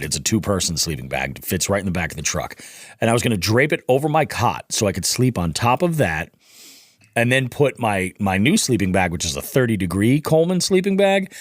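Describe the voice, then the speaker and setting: A man's voice: fairly low pitch, no echo, studio quality. A man guesting on a podcast, telling a casual, profane story and acting out what people said. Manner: animated, profane, acts out quoted dialogue.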